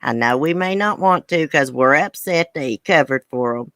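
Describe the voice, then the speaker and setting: A woman's voice: deep voice, expressive, moderate pace, a bit bright, no room sound. An older woman with a thick Southern country accent, chatting casually on a livestream and reading viewer comments aloud. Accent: American Southern. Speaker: livestream host.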